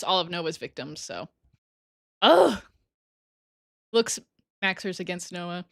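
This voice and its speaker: Bright, giggly woman streamer. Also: medium pitch, no room sound, studio quality. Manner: giggly, chatty, often trails off and restarts. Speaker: livestream host. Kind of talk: casual livestream chat reading super chats.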